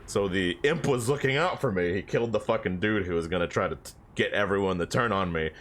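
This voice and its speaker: A man's voice: sits low, fast, a bit bright. A young man telling a story about his dream in a rambling, laughing way, swearing often. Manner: rambling, swears a lot, laughs between lines. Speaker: streamer.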